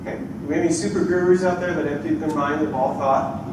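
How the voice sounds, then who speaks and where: Guy leading a conference workshop, kinda high voice, animated, does little voices for the quotes. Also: fast talker, background noise. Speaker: culture change consultant. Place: conference room before a live audience.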